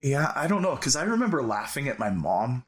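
A man co-hosting a podcast in casual chat, agreeing often, laughing along and adding quick quips. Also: mid-range voice, very animated. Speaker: podcast co-host.

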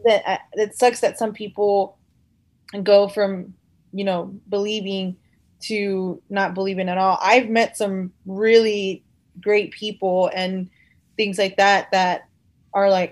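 A woman's voice: medium pitch, fairly even intonation, measured pace. Woman chatting about her faith, rambly, tons of "you know"s, acts out what people said to her. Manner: rambling, many fillers and restarts; acts out quoted conversations. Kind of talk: casual faith chat.

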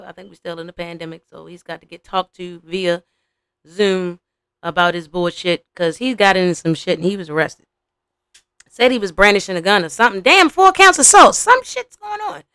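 A young adult woman hosting a podcast, giving blunt, profane, animated reaction commentary. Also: medium pitch, no echo, clean studio sound. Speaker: podcast host.

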